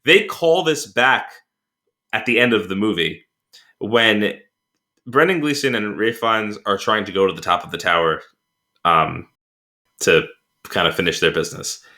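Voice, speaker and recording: Bright-toned rambling male podcast host. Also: on the low side, a little slow, long pauses. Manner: rambling, many fillers and restarts, laughs while retelling scenes. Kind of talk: casual chat.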